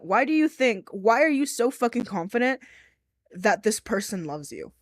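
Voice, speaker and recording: A woman's voice: mid-range voice, lively intonation, moderate pace, no echo, clean studio sound. Giggly, profane young woman streamer. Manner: giggly, blunt, profane ranting. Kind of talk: casual live-stream commentary.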